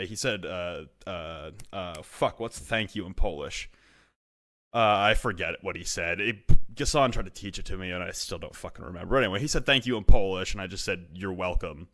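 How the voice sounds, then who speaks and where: A young Canadian man, an esports broadcaster, telling a story in casual chat and swearing a lot. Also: low-pitched. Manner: swears a lot, animated retelling.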